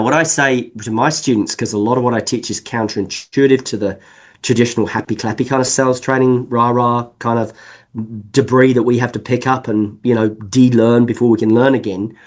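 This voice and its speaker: A man from England with an accent mixed with New Zealand, speaking as a guest in a podcast interview and explaining at length in an animated, emphatic way. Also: medium pitch. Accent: mixed English and New Zealand. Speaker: sales consultant guest.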